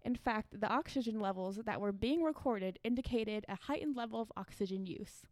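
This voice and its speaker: A woman's voice: mid-range voice, a little fast, no room sound. A woman co-hosting a casual podcast, reading a creepy story aloud with fillers and frequent laughs.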